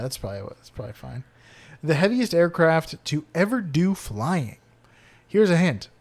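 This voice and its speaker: A man co-hosting a podcast, his voice sitting a little high for a man. He talks in a loose, casual way, firing off quiz questions and quick asides. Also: a little mellow. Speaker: podcast co-host. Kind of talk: casual chat.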